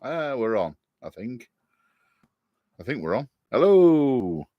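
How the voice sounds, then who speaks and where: A man's voice: lowish voice, big pitch swings, unhurried, husky, no room sound, lo-fi sound. Tipsy man chatting on a live stream. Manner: chatty, jokey, greets viewers by name. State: a bit tipsy. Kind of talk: casual live stream chat. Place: garden shed.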